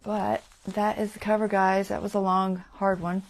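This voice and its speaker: A woman's voice: medium pitch, flat delivery, normal speed. A woman hosting a crafting livestream, talking to herself and her viewers as she sews, poking fun at her own mistakes. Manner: self-deprecating, talks to herself while sewing. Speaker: craft channel host. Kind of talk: casual livestream crafting talk. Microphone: clip-on mic.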